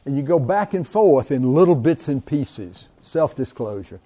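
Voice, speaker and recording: A man's voice: mid-range voice, normal speed, hardly any pauses. A middle-aged man giving a classroom lecture as a college lecturer, talking straight to his students and calling them guys. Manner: animated, addresses students directly as guys.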